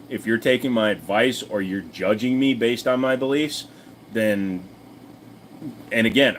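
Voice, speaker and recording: With a fairly low voice and slight background noise, a man runs a casual livestream. He tackles chat bluntly and profanely, rambling with plenty of fillers and speaking directly and chattily to viewers.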